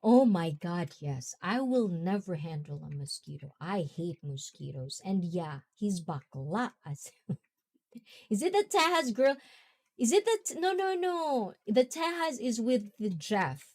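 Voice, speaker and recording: A woman's voice: mid-range voice, sing-song, measured pace, a little mellow. A young woman hosting a casual talk, rambling and chatty, often laughing. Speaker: host.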